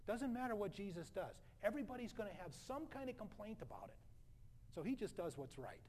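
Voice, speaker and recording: A middle-aged man delivers a sermon in a notably high voice. He moves between loud, emphatic declarations and soft, hushed passages, like a pastor speaking from the pulpit. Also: sing-song, brisk, slight background noise.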